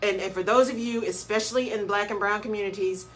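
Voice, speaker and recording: A woman's voice: mid-range voice, fairly even intonation, quick pace, a bit bright, a little hiss or hum, poor audio. A woman hosting a live motivational radio talk show, speaking emphatically and repeating key phrases in a preaching rhythm, greeting listeners by name as she goes.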